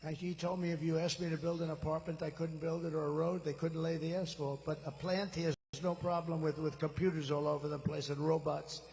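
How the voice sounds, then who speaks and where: A man's voice: fairly high pitch, little pitch movement, a little fast, hardly any pauses, a little mellow, big-room sound, a little hiss or hum, rough recording. A man in his seventies giving an off-the-cuff, rambling, boastful campaign rally speech into a stage microphone. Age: 70s. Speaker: political candidate. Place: large rally venue.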